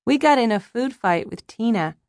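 A woman's voice: a little high, expressive, moderate pace, a little mellow, dry recording, clean studio sound, pitched above the performer's own voice, natural voice. A woman voicing a playful, cheeky little boy with a bouncy, sing-song way of talking in an audiobook. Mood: matter-of-fact.

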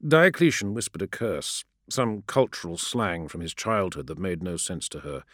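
A man narrating a science fiction audiobook in a dramatic, expressive way. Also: sits low, moderate pace, no room sound, clean studio sound. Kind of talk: scripted narration.

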